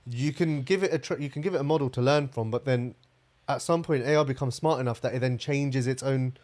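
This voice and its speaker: Fast-talking laid-back man. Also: medium pitch, a little mellow. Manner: laid-back, peppers talk with "man" and "innit". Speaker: podcast co-host. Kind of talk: casual chat.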